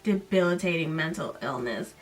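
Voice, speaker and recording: A woman in her late twenties to thirties hosting a podcast, recapping a book in a casual way with sarcastic, animated, mocking asides. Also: deep voice, moderate pace, distant mic, soft background music. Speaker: podcast host.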